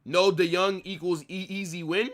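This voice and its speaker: A man's voice: high voice, steady tone, moderate pace. A young man hosting a live football watch-along, ranting at his viewers with heavy profanity and lots of repetition. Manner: profane, ranting, repeats himself.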